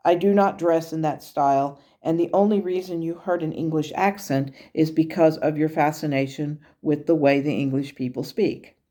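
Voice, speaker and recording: Woman relaying a patient male spirit guide, low and mellow, measured. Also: fairly even intonation, close to an everyday voice. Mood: calm.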